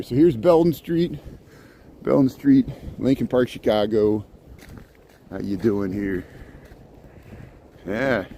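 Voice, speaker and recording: A man's voice: medium pitch, dark tone, a little hiss or hum. Chatty man streaming from a snowy street. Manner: rambling and chatty, greets viewers by name. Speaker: live-streaming walking vlogger. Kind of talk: casual live-stream chat. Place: outdoors on a snowy city street. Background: faint street ambience and passing vehicles.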